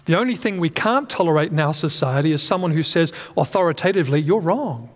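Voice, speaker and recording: A man's voice: on the high side, animated, quick pace, in a large hall. A man preaching a sermon earnestly, often restating his points and correcting himself mid-sentence.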